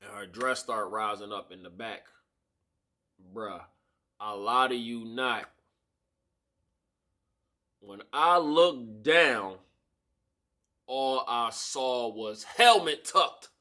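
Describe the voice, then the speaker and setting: A man telling a story in a casual storytime vlog, slangy and animated, acting out the people in the story, recorded on a camera-mounted shotgun mic. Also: mid-range voice, drawn-out words, long pauses. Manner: animated, slangy, acts out the voices of people in his stories.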